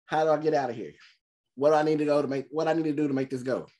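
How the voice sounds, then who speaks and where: A man hosting a movie reaction, talking in an animated, slangy way with quick joking asides. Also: on the high side, slight background noise. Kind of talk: casual reaction commentary.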